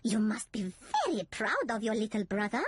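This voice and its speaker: A woman voicing a kind, gentle cartoon gazelle who teaches at a playgroup and speaks in a warm, encouraging way. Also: medium pitch, lively intonation, normal speed, noisy background, lightly acted. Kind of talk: cartoon voice acting.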